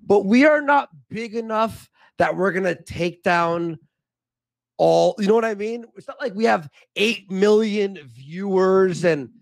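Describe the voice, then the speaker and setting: Heated young man from canada, higher voice, dry sound, rambling and cursing on a stream. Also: dry recording. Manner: rambling, heated, swearing, stammering restarts. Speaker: streaming guest. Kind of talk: casual livestream chat.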